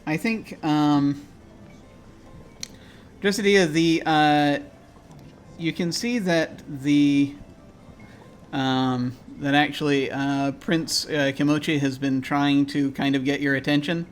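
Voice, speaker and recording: A man narrating a tabletop game as game master over a video call, halting and full of fillers and restarts. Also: fairly high pitch, steady tone, faint music behind.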